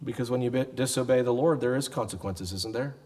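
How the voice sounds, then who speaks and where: A pastor speaks fast in a medium-pitched, slightly mellow voice, giving a sermon in a conversational style within a church sanctuary. He sometimes acts out the people he quotes, and the space gives a big-room sound.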